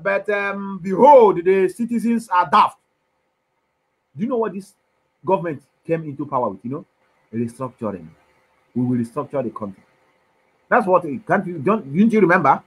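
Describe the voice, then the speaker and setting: A man giving an impassioned political monologue, emphatic and preachy, his voice swinging from loud to soft. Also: a little high, animated, a little fast, slightly rough, low-quality recording. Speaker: commentator.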